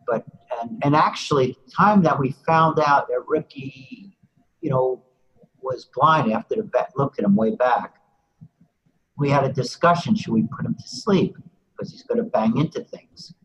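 A man's voice: medium pitch, expressive, a little slow, a bit bright, husky, muffled recording. Older man telling a rambling story. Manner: rambling, full of "you know" asides. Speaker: interviewee. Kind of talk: casual storytelling.

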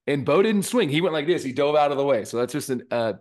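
A man's voice: a little high, animated, quick pace, darkish tone. A man who coaches youth baseball, co-hosting a podcast in loose, chatty talk full of fillers and "dude". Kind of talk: casual podcast chat.

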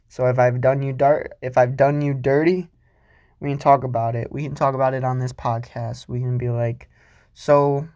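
A man's voice: mid-range voice, dark tone, dry recording. A young man hosting a solo podcast, rambling casually and swearing freely, mocking himself as he goes. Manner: rambling, profane, self-mocking. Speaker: podcast host.

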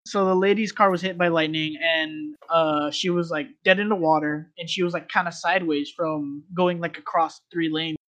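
A man in casual podcast conversation, telling a long story. He rambles, circles back and fills pauses with ums and likes. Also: fairly high pitch, steady tone, fairly bright tone, highs cut off. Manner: rambling, filler-heavy storytelling.

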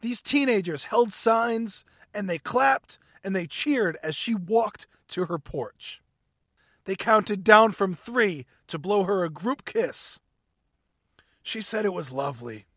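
A bubbly, giggly male podcast host who talks in a high, lively voice that jumps around a lot. His tone is bright and he is recorded close in a dry, dead-sounding space. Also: slow pace, dry recording. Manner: bubbly, giggly, playfully over the top. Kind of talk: upbeat talk show chat.

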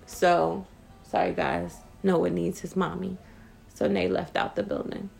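A woman co-hosting a podcast in casual chat, an animated storyteller who giggles and speeds up when excited. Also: lowish voice, measured pace, gravelly, soft background music. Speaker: podcast co-host.

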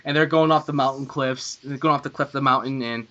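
A man co-hosting a gaming podcast, chatting casually and getting excitable and gushing when thrilled. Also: medium pitch, fast, dull audio. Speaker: podcast co-host.

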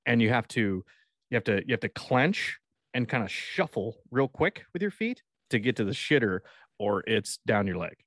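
A man with a middle-pitched voice chatting casually. He rambles, jokes and slips into acted-out bits. The recording is close and dry. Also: expressive, normal speed, a bit bright, dry recording. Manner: rambling, jokey, acts out scenes. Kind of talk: casual chat.

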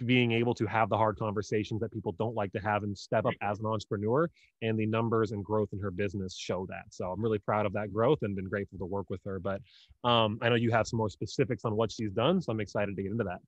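A man co-hosting a business podcast, a relaxed coach telling client stories in casual chat. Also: fairly low pitch, no room sound, muffled recording.

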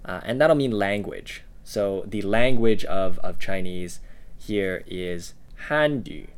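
A man co-hosting a language-learning podcast, explaining words in a relaxed way with fillers. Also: sits low, slow, smooth. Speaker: podcast co-host. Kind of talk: casual language lesson podcast.

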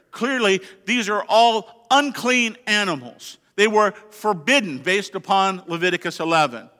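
A man preaching a sermon as a pastor, swinging between hushed, quiet stretches and emphatic passages. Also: high-pitched. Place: church sanctuary. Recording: long reverb of a large hall.

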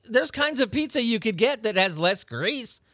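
A man's voice: very high voice, big pitch swings, normal speed, sharp tone, no room sound, clean studio sound. A man hosting a weird-news podcast, ranting casually with lots of profanity and incredulous outbursts. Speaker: podcast host. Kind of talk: casual comedic rant.

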